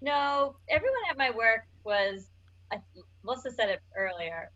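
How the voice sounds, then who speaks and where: Lady telling a work story kinda haltingly, bright voice, dull lo-fi sound. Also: on the high side, animated. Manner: hesitant, many fillers and restarts. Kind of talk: casual chat.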